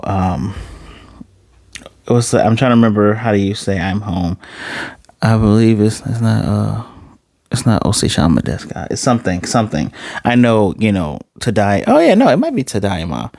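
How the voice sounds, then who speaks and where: A man's voice: lowish voice, a little mellow, dry recording, studio quality. A man casually recapping and reviewing an anime episode, rambling, correcting himself as he goes, blunt and sometimes profane.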